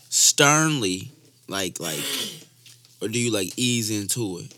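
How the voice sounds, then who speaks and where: A man hosting a loose podcast chat, his tone bright and his pitch swinging widely as he jokes. He laughs often and bursts into loud, sudden exclamations. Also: lively intonation, takes it slowly. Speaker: podcast host. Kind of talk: casual podcast banter.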